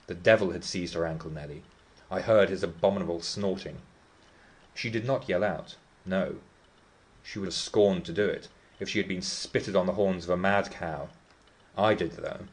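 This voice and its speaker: A man's voice: low voice, steady tone, normal speed, natural voice. A man reading the part of Heathcliff, a brooding, defiant teenage boy, telling his tale with scorn and vehemence. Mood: scornful.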